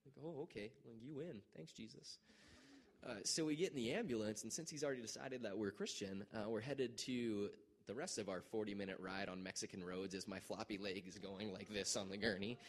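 A man with a fairly low voice tells a story in a loose, casual way. He laughs often and jumps into the voices of the people in it. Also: brisk, hardly any pauses. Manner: animated, laughing, acts out quoted voices. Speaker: mission trip storyteller.

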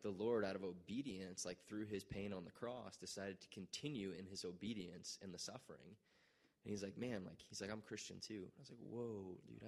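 A man casually telling a story about an injury on a mission trip, animated and laughing often, acting out what others said. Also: on the low side. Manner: animated, laughing, acts out quoted voices.

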